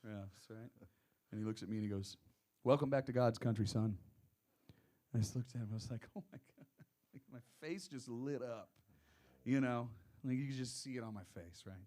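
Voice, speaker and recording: A middle-aged man with a Texan accent, a singer-songwriter chatting casually between songs in a relaxed storytelling way. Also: mid-range voice, brisk. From Texas. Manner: relaxed storytelling, drawls into quoted voices. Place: small music workshop venue, live session.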